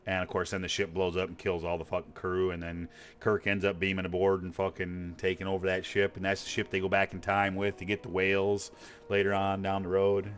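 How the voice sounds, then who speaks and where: A man's voice: low-pitched, monotone, fairly quick. A man in his forties streaming a game, talking bluntly and profanely in a rambling casual chat. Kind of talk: casual chat while gaming.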